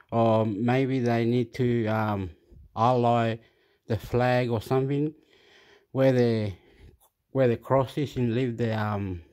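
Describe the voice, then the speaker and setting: A man's voice: mid-range voice, darkish tone. A man holding a phone and rambling in a casual monologue, losing his train of thought and repeating phrases. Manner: scattered, self-interrupting, repeats phrases. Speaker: vlogger reacting to news. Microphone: phone held in hand.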